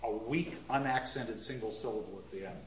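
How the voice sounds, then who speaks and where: A man's voice: fairly low pitch, brisk. A man teaching literature to a class, reciting lines of verse and tapping out their rhythm as he asks questions. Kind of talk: classroom lecture. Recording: roomy, dull lecture recording.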